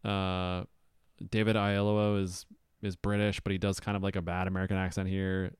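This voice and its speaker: Young male podcast co-host, argues his point, smooth resonant voice, dry close sound. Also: low-pitched, level tone, normal speed, no echo. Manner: argumentative, talks over the other host. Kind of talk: casual chat.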